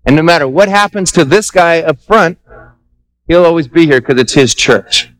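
A man pastor preaching a Sunday sermon, animated, acting out little dialogues and repeating himself for emphasis. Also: fairly high pitch, normal speed, no room sound, rough recording. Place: church sanctuary.

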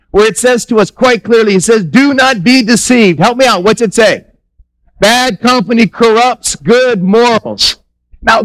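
A man's voice: very high voice, a bit bright, poor audio. A man pastor preaching a sermon in a church, conversational and emphatic, asking the congregation questions.

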